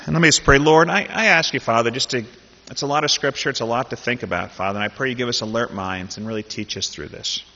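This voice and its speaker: A man's voice: mid-range voice, quick pace, creaky. Man teaching scripture in an echoey hall. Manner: conversational, animated when reading scripture aloud. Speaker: Bible teacher. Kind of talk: Bible study teaching and scripture reading. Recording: dull sound in a reverberant hall.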